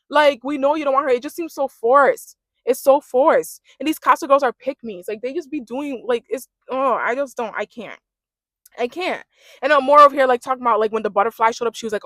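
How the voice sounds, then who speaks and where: A woman's voice: sits high, animated, brisk, a bit bright, no echo, clean studio sound. A young woman giving a casual, sassy rant recapping a reality dating show and mimicking the cast as she goes.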